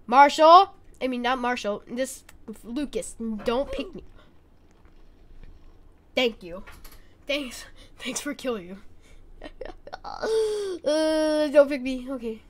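High-voiced woman in nervous game commentary. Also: expressive, slow, long pauses. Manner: jittery, squealing and apologizing when scared. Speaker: gaming YouTuber. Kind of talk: gameplay commentary. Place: cold bedroom. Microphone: desk mic.

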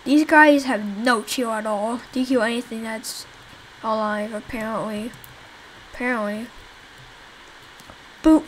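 On a rough recording with a touch of hiss, a young woman's voice runs a bit high and fairly even. She plays her self-made zombie game at a measured pace, pausing often, rambling casually to viewers and swearing at the enemies.

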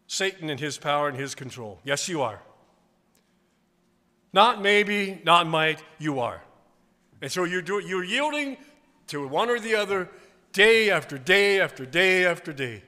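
A revival preacher with a high, sharp, forceful voice. He drops to quiet asides, then rises into loud, emphatic declarations. The sermon rings with long reverb through a church sanctuary.

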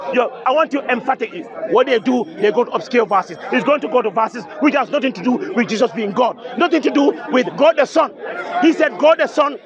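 Man, very high voice, emphatic street debater, dull recording, crowd around. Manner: emphatic, repetitive, insistent. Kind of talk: open-air religious debate. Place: outdoor park speakers' corner. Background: crowd noise.

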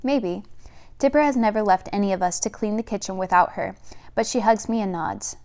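A woman reading a novel aloud in a plain, steady first-person narration with small stumbles. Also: mid-range voice, a little fast, clear, resonant tone. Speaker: audiobook reader.

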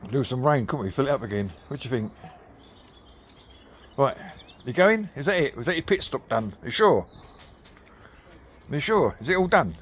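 There's a little hiss or hum as a man with a medium-pitched voice talks at normal speed, leaving long pauses and swinging his pitch widely. He's filming his dogs in a garden on a handheld camera, casually teasing and cheering them on with a laugh.

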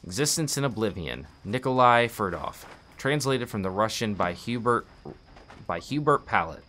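A man playing through a game, reading a book aloud deliberately with small restarts, then making casual asides. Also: fairly low pitch, expressive, bright, forceful tone, slight background noise. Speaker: game walkthrough player.

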